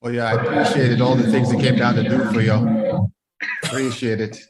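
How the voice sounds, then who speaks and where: A man's voice: medium pitch, flat delivery, moderate pace, over a noisy crowd. A man in the band, joking and self-deprecating in a casual interview. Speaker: band member.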